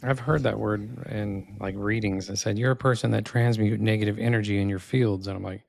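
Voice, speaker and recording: Gravelly fast-talking man in casual chat. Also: lowish voice, no echo, clean studio sound. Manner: relaxed, rambling anecdotes with drawn-out fillers. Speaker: podcast co-host.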